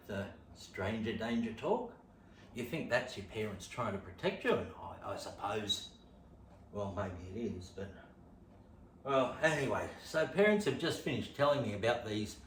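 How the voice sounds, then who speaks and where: A man with an Australian accent rehearsing stand-up, telling a story with lots of swearing and sudden jumps from whispers to shouts. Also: fairly low pitch, a little hiss or hum. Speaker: stand-up comedian. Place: room at home. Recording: echoey room, distant mic.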